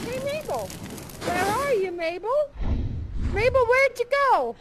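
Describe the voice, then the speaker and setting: A woman's voice: very high-pitched, very animated, unhurried, background noise, voice pushed up, full character voice. A desperate cowboy in a huge hat, put on by a woman, calling out for his missing sweetheart. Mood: searching. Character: frantic cowboy in a big hat.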